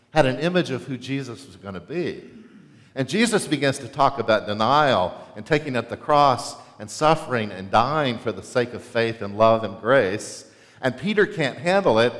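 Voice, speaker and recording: Male pastor, animated sermon delivery with a wide pitch range, reverberant sanctuary. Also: fairly quick. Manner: animated, asks the congregation questions, acts out quotes. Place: church sanctuary.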